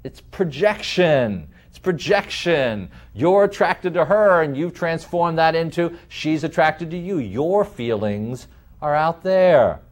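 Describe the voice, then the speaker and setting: A man lecturing in a deliberate way, slowing down to stress key terms and explaining with vivid everyday examples. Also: a little high.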